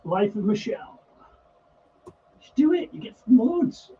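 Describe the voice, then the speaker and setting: High-voiced sweary man, lo-fi. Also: sing-song, measured pace, dark tone. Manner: sweary, blunt banter. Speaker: regular co-host. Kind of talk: casual pub-style live chat. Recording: dull lo-fi sound with faint noise.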